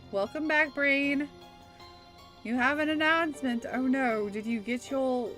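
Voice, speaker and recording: A woman's voice: on the high side, fairly bright tone. A woman from the Bay Area in California, chatting casually while streaming a game and reading her chat aloud. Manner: chatty, reads chat aloud, breaks into laughs.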